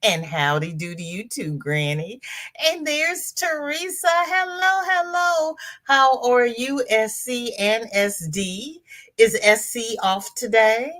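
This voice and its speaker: Slow-talking woman hosting a crochet livestream. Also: a little high, lively intonation, fairly bright tone. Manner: greets viewers by name and reads their chat comments aloud; chatty and affectionate, calling viewers girl, honey and darling. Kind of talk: casual livestream chat. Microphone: laptop.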